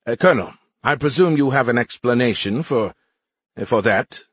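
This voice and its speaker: A man's voice: medium pitch, expressive, normal speed, slightly rough, no echo. A man voicing a stiff male civilian official, formal and disapproving.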